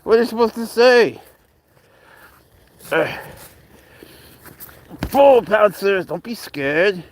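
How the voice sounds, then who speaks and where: A man's voice: high-pitched, lively intonation, takes it slowly, a little hiss or hum. A young man from Spain, outdoors, coaxing and cheering on his cat in a playful way. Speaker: pet owner filming his cat. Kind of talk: casual talk to a pet.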